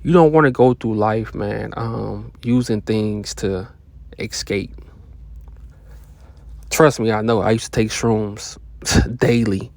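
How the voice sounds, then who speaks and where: A man's voice: lowish voice, steady tone, takes it slowly, creaky, pauses often, a little mellow, no echo. A man talking straight to camera in a casual, profane motivational monologue, full of slang and short laughs. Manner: blunt, profane, slangy, laughs between points. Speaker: self-help vlogger.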